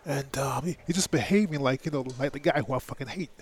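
A man's voice: medium pitch, fast talker, breathy edge. A middle-aged man, a podcast guest, telling a personal story in an emphatic, profane, filler-heavy way. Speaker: guest, former heavyweight boxing champion. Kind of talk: candid storytelling in a podcast interview.

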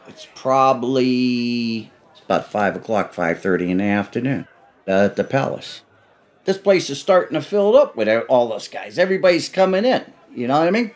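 A man recounting old mob stories in a profane, animated way, acting out what people said. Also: moderate pace. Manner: profane, acts out quotes with big swings in pitch. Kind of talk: animated storytelling.

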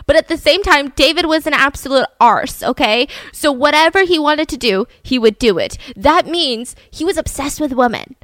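A woman telling a story in a chatty, animated way, full of asides. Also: high voice, moderate pace, no echo. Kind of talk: casual storytelling.

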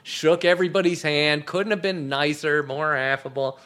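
Man, interview guest, animated storyteller, bright voice, slightly higher pitch, laughs often. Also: moderate pace. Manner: animated, laughing often, acting out quoted dialogue. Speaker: guest, TV comedy writer. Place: apartment.

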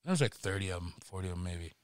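Telling a wild tale as a guest on a podcast, a middle-aged man races along in a deep voice. He's casual and animated, cursing freely and laughing throughout, and there's no room sound.

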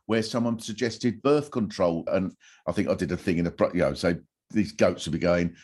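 A man's voice: sits low, a little fast, darkish tone, slightly rough. A man, hosting a comedy podcast in a wry, storytelling way. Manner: wry, storytelling, jumps into silly put-on voices. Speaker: podcast host. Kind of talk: comic conversation.

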